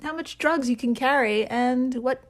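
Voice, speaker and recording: A woman with a high-sitting voice co-hosts a casual podcast at a moderate pace. She giggles often and laughs frequently while reading.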